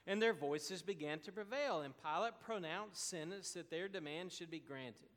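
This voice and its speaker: A man preaching a sermon as pastor, slow and deliberate with emphatic pauses. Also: sits high, fairly bright tone, big-room sound.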